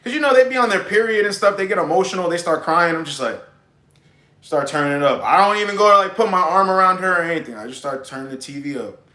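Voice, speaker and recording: Blunt, emphatic male advice vlogger, bright tense tone, roomy echo. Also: high voice, lively intonation, quick pace. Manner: blunt, emphatic, calls listeners bro. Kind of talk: casual advice monologue.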